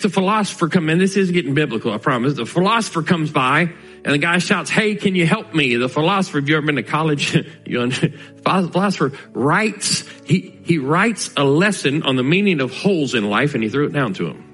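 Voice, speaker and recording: Earnest male preacher, soft music behind. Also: on the high side, animated, husky, low-quality recording. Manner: earnest preaching, slowing to stress key lines. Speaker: pastor. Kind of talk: sermon.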